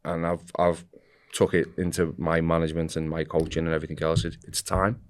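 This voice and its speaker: A man's voice: low voice, brisk. A man guesting on a football podcast, telling a rambling story casually and acting out the voices of the people in it. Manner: animated, acts out quoted voices; rambling with restarts.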